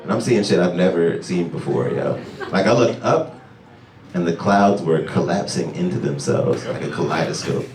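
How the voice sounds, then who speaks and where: A male stand-up comedian telling a story to a club audience, with animated delivery that jumps into high, excited voices. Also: normal speed, noisy background. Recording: echoey club sound from far off.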